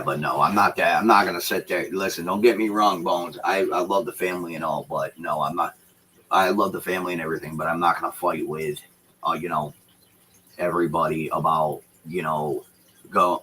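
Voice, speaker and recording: A man's voice: rumbling low, bright, forceful tone, slight background noise, rough recording. A man rambling in casual, profane chat to his livestream viewers from a room at home. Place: home room with shelves behind him. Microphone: computer setup with dual screens.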